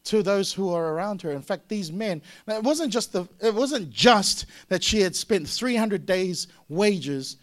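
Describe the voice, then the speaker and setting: High-voiced animated man preaching. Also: a little slow, hardly any pauses. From Samoa. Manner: animated, acts out voices with sudden loud high bursts. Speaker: pastor. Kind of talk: sermon.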